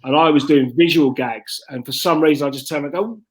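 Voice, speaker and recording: A man, a stand-up comedian chatting casually, halting and repeating words as he goes. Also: on the high side, fairly even intonation. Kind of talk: casual storytelling chat.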